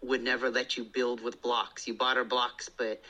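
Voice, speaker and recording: A man in his thirties chatting casually as a podcast guest, an animated storyteller who slips into playful voices. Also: medium pitch, normal speed, poor audio.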